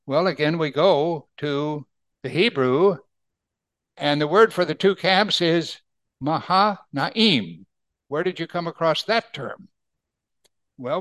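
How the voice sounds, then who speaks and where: A man preaches from scripture in a somewhat high, gravelly voice. He slows down to read verses aloud and keeps asking his listeners questions. The sound is dry and close, with no room echo. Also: a bit bright. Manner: explains Bible verses with rhetorical questions. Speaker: pastor. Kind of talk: sermon.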